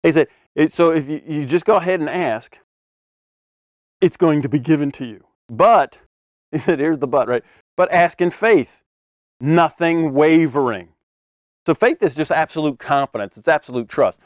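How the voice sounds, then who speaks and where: A man teaching from the Bible in a relaxed, chatty sermon, slipping in "right?" after his points and chuckling now and then. His voice sits a bit higher than most men's and is recorded close and dry, with no room sound. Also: moderate pace, no echo. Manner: casual, conversational, frequent "right?" asides, chuckles. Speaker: preacher.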